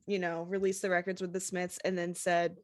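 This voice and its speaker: A woman's voice: on the low side, monotone, fairly quick. A woman game master narrating a tabletop role-playing game. She talks in a chatty, loose way and often stops to search for words. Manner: chatty, lots of fillers.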